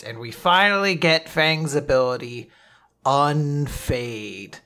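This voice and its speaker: A man's voice: fairly high pitch, expressive, slow, sharp tone. A man co-hosting a casual podcast, recapping comic chapters and acting out the characters' lines as he goes. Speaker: podcast co-host. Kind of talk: casual manga recap chat.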